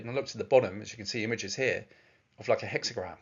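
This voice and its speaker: A man's voice: on the low side, rapid-fire, breathy edge, highs cut off. A man telling a long personal story in a casual, rambling way, with many fillers and restarts. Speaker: presenter.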